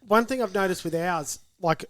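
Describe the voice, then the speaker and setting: Aussie co-host, chill and thoughtful, bit higher voice, smooth, dry sound. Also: male voice, moderate pace, fairly bright tone, dry recording. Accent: Australian. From Australia. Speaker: podcast co-host. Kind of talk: casual chat.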